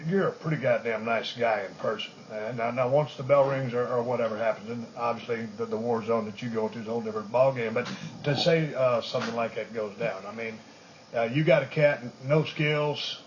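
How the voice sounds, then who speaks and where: A man's voice: medium pitch, brisk. A man in casual chat, bluntly questioning the risks of a fight. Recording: muffled lo-fi recording, faint hiss.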